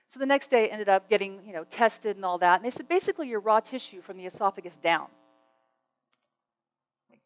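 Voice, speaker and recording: A woman's voice: medium pitch, fast, no room sound, faint music behind, low-quality recording. A middle-aged woman giving a motivational stage talk, telling stories animatedly and acting out the dialogue. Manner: animated storytelling, acts out dialogue. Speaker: speaker. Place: stage before an audience.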